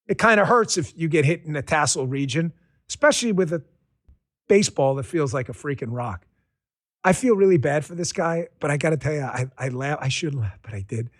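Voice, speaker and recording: This political commentary podcast host is a man with a high voice working from a studio mic. Sarcastic and excitable, his rant keeps dissolving into laughter. The audio is dry and close, without any echo or room sound.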